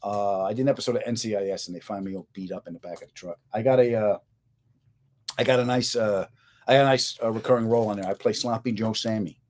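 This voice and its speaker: A fast-talking middle-aged man with a lowish voice hosts his own comedy podcast. He chats casually with viewers on a live stream, joking around and telling animated, jokey stories.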